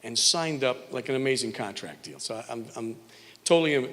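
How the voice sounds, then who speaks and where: A man from Montreal, a radio morning show host, speaks at a mid pitch. He gives an informal, rambling tribute speech full of jokey stories and acts out quoted voices. His voice rings with the long reverb of a large hall. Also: expressive, normal speed, bright, forceful tone. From Montreal, Canada.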